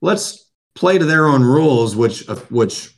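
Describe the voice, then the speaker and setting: Profane, animated male storyteller. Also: mid-range voice, a little slow. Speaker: podcast co-host. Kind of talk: casual storytelling chat.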